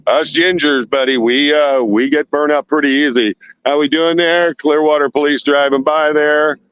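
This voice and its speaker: A man's voice: fairly high pitch, steady tone, normal speed, fairly bright tone, smooth, no echo, highs cut off. A man live-streaming outdoors at night from a handheld phone, sweating as he reads chat and fires off indignant rhetorical questions.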